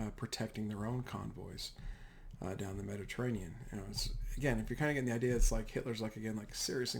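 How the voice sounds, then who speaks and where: A man's voice: on the low side, creaky. A man talks through a history lesson over slides. He keeps it casual and loose, rambling and correcting himself as he goes. A faint hiss sits under the recording. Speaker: history teacher.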